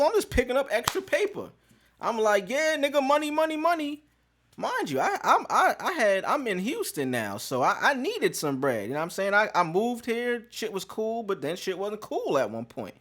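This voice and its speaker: A man's voice: high-pitched, a bit bright. A man hosting a podcast, telling a story in casual street slang with plenty of profanity. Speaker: podcast host.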